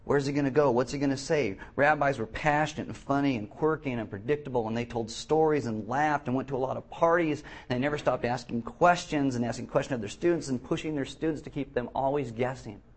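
A man preaching a sermon, animated, reading scripture aloud with emphasis and acting out the quotes. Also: medium pitch, fast talker, few pauses.

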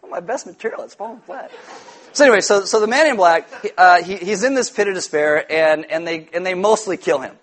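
A man preaching a sermon, animated and jokey, telling stories with loud shouted impressions. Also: high voice, a little fast. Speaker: pastor.

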